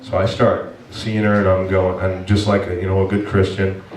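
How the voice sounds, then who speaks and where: A man's voice: sits low, level tone, normal speed, a little mellow, distant mic, slight background noise. A male pastor preaching a sermon, telling a personal story in an earnest, emotional way. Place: church sanctuary. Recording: echoey church heard from afar.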